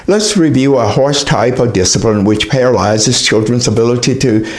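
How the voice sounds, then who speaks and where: A man giving an earnest, emotional lecture on child development. He often pauses with hesitations. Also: medium pitch.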